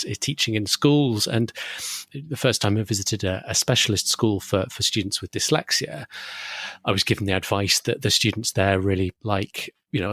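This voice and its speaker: A man's voice: lowish voice, fairly bright tone, no echo. A man hosting a podcast, agreeable and stumbling on the first words of his questions. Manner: stammers on starts, agreeable. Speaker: podcast host. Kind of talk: conversational podcast interview.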